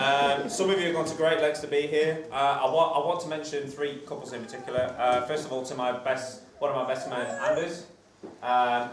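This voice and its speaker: In a crowded reception hall, a man gives his groom's speech, hesitant and full of fillers and jokes. His voice is mid-range, with background noise, recorded from far off in an echoey hall.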